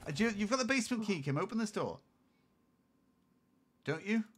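A young man streaming a horror game with a friend, swearing and yelling when startled. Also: high-pitched, expressive, a little fast, slight background noise. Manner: swearing, yelling in sudden frights. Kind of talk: excited co-op game chat.

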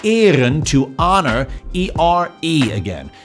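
A man's voice: fairly high pitch, sing-song, unhurried. A man from the Netherlands giving a playful video lesson as an accent coach, drawing sounds out to show them. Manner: playful, demonstrative, draws sounds out. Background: faint music.

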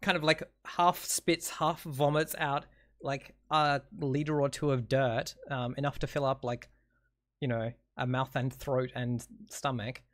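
A man's voice: mid-range voice, steady tone, unhurried. A man running a tabletop game as game master, narrating with lots of fillers. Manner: filler-heavy, meandering narration.

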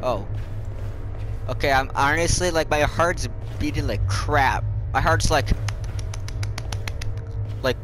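A man's voice: fairly high pitch, slow pace, pauses often, over music. A young man giving rambling horror game commentary, swearing and jumpy, with lots of filler words. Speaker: gamer.

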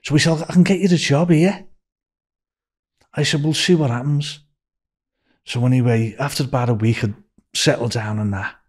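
An older man with a Liverpool accent, telling a rambling story as a podcast guest and raising his pitch for quoted voices. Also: fairly even intonation, moderate pace, pauses often, darkish tone. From Liverpool, England.

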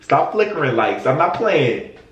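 Theatrical man with wild pitch swings. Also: very animated, a little slow, echoey room, lo-fi sound. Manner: theatrical, swinging between high squeals and low mutters; profane, blunt and teasing. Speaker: YouTuber reading viewer confessions. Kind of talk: casual reaction vlog.

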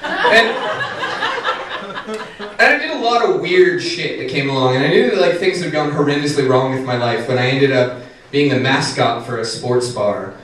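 Man doing standup, lively swooping delivery, distant mic, very echoey noisy room. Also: normal speed. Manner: animated, swings to high shouted voices for punchlines. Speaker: standup comedian. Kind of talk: standup comedy set. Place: brewery stage, live audience.

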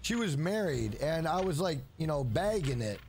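A man's voice: fairly high pitch, very animated, normal speed, a little mellow, soft background music. A man livestreaming, chatting casually and telling rambling, profane stories full of "bro.". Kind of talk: casual stream chat and storytelling.

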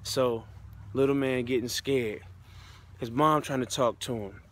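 A man's voice: medium pitch, a little slow, fairly bright tone, a little hiss or hum. A man speaker telling his own testimony in a casual, heartfelt way, with loose slang. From United States. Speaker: motivational speaker. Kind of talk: personal testimony storytelling.

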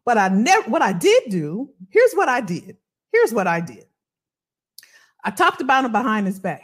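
Animated, high-voiced woman host. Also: normal speed. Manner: animated storytelling, acts out her past gossip. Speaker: podcast host. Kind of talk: candid motivational talk.

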